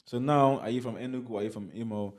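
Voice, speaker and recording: Animated man chatting as podcast host. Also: mid-range voice, fast. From Nigeria (Igbo heritage). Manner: animated, explains by examples, repeats "you get what I'm saying". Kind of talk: casual conversation.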